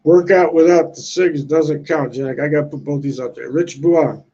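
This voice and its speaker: An American livestream host in his sixties rambles crudely from a balcony outdoors, tacking "man" onto his lines. His voice is on the high side and warm with a breathy edge, he speaks at a normal speed, and the sound is lo-fi.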